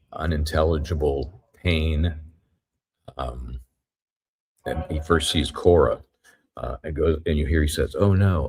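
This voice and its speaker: A man giving a live courtroom recap as a trial reporter, retelling events in a halting, methodical way. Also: a bass voice, breathy edge.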